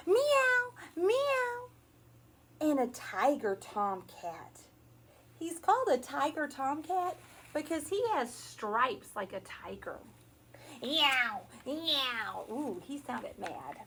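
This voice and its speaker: A woman teacher reads a picture book aloud to young children in a slow, sing-song style, pausing to ask questions and make animal noises. Her voice sits high, and there is slight background noise.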